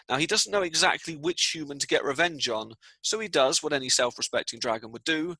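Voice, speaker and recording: A man telling a story to children in a live lesson, playful and animated, dropping to a hush for the tense parts. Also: medium pitch, dry recording, rough recording. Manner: playful, animated storyteller who drops to hushed tones. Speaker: teacher reading out children's comments.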